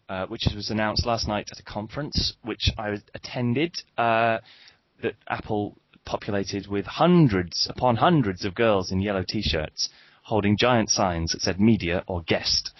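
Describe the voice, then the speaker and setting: Male podcast host, low voice, dry teasing humor, deadened lo-fi sound. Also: no room sound. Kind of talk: casual podcast chat and tech news.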